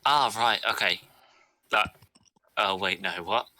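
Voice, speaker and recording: Man voicing a low-voiced hobgoblin youth, very bright tone, naive, earnest, filthy. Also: slow pace, dry recording, full character voice. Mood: puzzled. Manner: earnest, wide-eyed, formal yet clueless. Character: young hobgoblin Gorbag, filthy, naive, eager.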